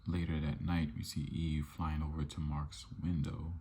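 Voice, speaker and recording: Man, ASMR comic book reading, calm host, faint background hiss. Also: a bass voice, normal speed.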